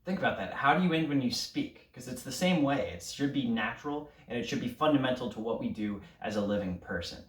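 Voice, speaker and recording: A man's voice: mid-range voice, expressive, fairly quick, hardly any pauses. Man coaching a band class. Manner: upbeat and coaching, counts aloud and leads call-and-response drills. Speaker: elementary band teacher. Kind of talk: recorded online music lesson. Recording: roomy sound from a distance.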